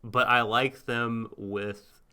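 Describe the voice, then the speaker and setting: A man's voice: medium pitch, steady tone, takes it slowly, bright, forceful tone, clear, resonant tone. A man co-hosting an anime podcast, talking casually and hesitantly. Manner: hesitant, many fillers and restarts. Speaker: podcast co-host.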